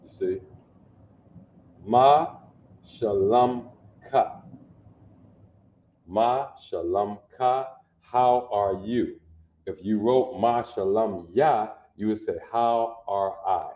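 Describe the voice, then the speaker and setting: A man gives a language lesson at an unhurried, deliberate pace, breaking phrases apart and repeating each point. His voice sits a little low. The audio is muffled and lo-fi, with a roomy echo around him. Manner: slow, repetitive, checks understanding often. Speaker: language teacher. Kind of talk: classroom lesson. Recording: dull lo-fi audio in an echoey room.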